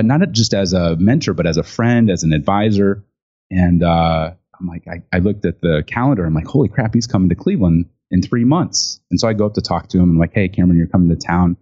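A low-pitched man tells a story in an interview, animated and chatty. He acts out what other people said, with plenty of fillers and restarts. The recording sounds dull and lo-fi. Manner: animated storyteller acting out quotes with many fillers. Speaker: guest, speaker and author on gifting.

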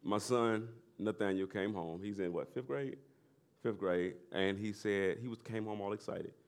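A middle-aged male pastor preaching a sermon in a loose conversational way, with laughing asides and loud bursts of emphasis. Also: fairly low pitch, normal speed.

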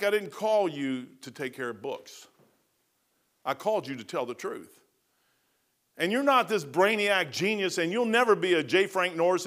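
Older male pastor, high voice, bright tone, casual sermon. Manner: casual preaching with asides and self-mocking humor. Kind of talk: folksy sermon.

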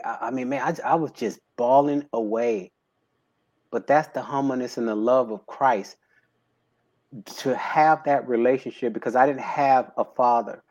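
Animated fifty-something man telling stories. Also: medium pitch, a little slow. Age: 50s. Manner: animated storyteller, emotional about faith. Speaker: podcast guest, bodybuilder and trainer. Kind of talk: casual conversation.

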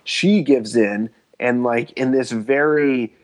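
A man's voice: medium pitch, slow pace. A young man co-hosting a casual chat, rambling loosely with fillers and swearing. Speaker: podcast co-host.

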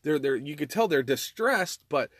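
A man's voice: on the high side, animated, moderate pace, no echo. Earnest man preaching, dry close sound. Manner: earnest, exhorting, repeats phrases and restarts. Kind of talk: casual sermon with scripture reading.

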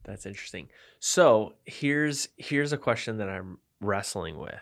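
A man with a fairly low voice muses in relaxed conversation. He works through his thoughts out loud, with frequent restarts. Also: unhurried, gravelly. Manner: reflective, thinks aloud with restarts. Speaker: podcast co-host. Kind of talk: casual chat.

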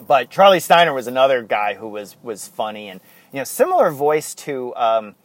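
A man's voice: medium pitch, very animated, normal speed, no room sound. A man hosting a podcast in casual chat, rambling and going off on tangents. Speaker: podcast host.

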